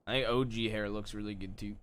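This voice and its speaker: A man's voice: lowish voice, steady tone, fast talker, a bit bright, a little hiss or hum. A male streamer chatting in character during a role-play game, loosely trying for a Southern drawl.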